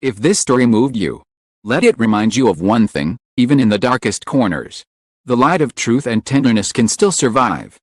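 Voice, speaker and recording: Male narrator, dramatic script read with wide pitch swings, dry close sound. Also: big pitch swings, moderate pace, no room sound. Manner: solemn, lingering emotional phrasing. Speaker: channel narrator.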